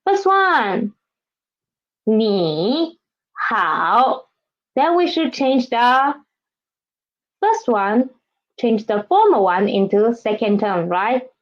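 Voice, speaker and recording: Slow, lilting woman teaching vocabulary. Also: on the high side, expressive. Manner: repeats each word twice, drawn-out careful pronunciation. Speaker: Chinese language teacher. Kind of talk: slow classroom instruction with read-after-me drills. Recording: dull lo-fi recording.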